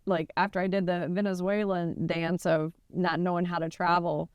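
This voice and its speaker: A woman co-hosting a podcast, telling a story in a rambling, animated way. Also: fairly low pitch, normal speed, clear, resonant tone, no echo, lo-fi sound. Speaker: podcast co-host. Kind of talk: casual storytelling.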